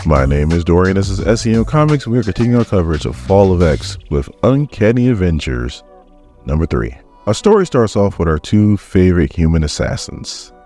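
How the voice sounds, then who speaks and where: A man's voice: low-pitched, sing-song, brisk, dark tone, soft background music. A man hosting a casual comic book recap vlog, chatty and jokey, acting out the characters' lines as he goes. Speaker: comic book reviewer and channel host.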